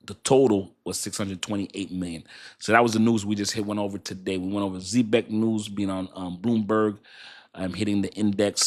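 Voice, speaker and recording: Brief: middle-aged male livestream host, slightly low voice, relaxed chatty delivery full of laughs and shout-outs. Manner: laughs often, shouts out viewers. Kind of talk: casual livestream chat.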